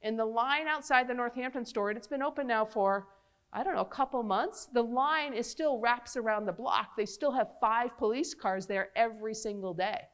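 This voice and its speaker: Middle-aged New woman doctor, lively and chatty talk to a community crowd. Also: on the high side, moderate pace. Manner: animated, chatty, talks straight to the audience. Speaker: physician giving a public talk. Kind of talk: lively public health lecture.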